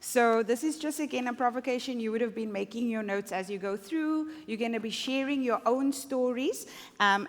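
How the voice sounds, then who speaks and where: Woman moderator in an echoing hall. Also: fairly high pitch. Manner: playful, directive, announcing to an audience. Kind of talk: moderating a conference session. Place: large conference hall with audience. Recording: reverberant hall, audience faintly heard.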